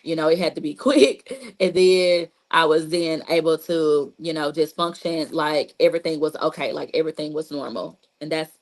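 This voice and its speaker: A woman's voice: low voice, moderate pace, hardly any pauses, low-quality recording. A woman therapist giving a casual, repetitive teaching talk on trauma healing, speaking straight to listeners and leaning on "you know" and "like". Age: adult with a child.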